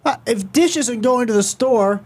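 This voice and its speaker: A man's voice: extremely high pitch, expressive, moderate pace, noisy background. A young man giving teasing, wry commentary while reacting to a video. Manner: wry, teasing, dry remarks.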